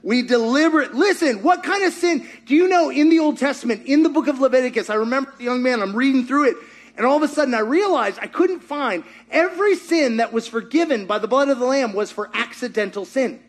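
Very high-voiced joking male preacher. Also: brisk. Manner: joking, asks the congregation questions. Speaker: pastor. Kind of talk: sermon. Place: church before a congregation.

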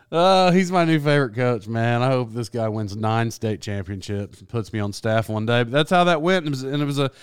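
A man's voice: mid-range voice, lively intonation, moderate pace, clear, resonant tone, dry recording, studio quality. A sports announcer telling a long rambling story in a casual, self-deprecating way, laughing as he goes.

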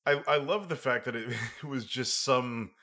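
A man co-hosting a podcast, casually summing up a film with relaxed, dry remarks. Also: medium pitch, moderate pace. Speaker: podcast co-host. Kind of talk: casual film review chat.

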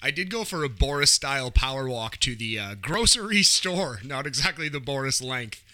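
Upbeat male co-host with a bright, dry voice. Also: medium pitch, animated, moderate pace, no echo. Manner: upbeat, rambling, many restarts. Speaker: podcast co-host. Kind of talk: casual chat.

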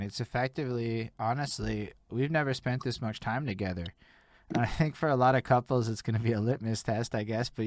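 A man's voice: medium pitch, dry recording. Young male host, casual and profane, dry close sound. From Montreal. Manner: swears freely, laid-back slang with "yo". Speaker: interview host. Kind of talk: casual interview chat.

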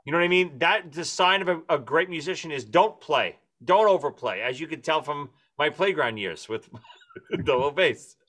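Bright-voiced laughing man. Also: fairly high pitch, expressive, normal speed. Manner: laughing, enthusiastic. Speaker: podcast co-host, music teacher. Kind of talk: casual chat.

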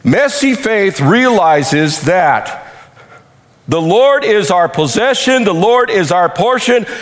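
A man preaching a sermon with animated delivery, acting out quotes, while losing his voice. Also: high voice, slow. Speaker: pastor.

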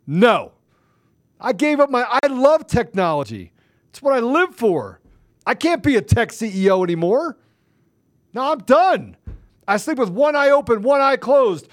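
Furious high-voiced man ranting. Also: sing-song, moderate pace. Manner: angry, forceful, repeats himself. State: agitated. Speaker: guest. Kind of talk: heated political rant.

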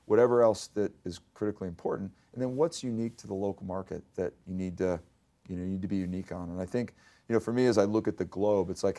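Male CEO, 50s, low and gravelly, animated storyteller in a business interview. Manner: animated storyteller, acts out quoted dialogue.

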